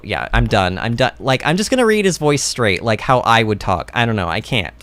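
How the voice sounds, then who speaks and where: A man rambles through game commentary on a livestream, often poking fun at himself. His pitch jumps around constantly. He speaks into a streaming microphone. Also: fairly quick, hardly any pauses. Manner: rambling, animated and self-deprecating.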